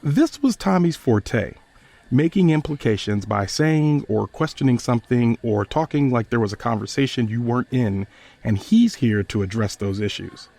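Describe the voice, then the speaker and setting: A man hosting a podcast, retelling a personal story in a measured, earnest way. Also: mid-range voice, expressive, creaky, mellow.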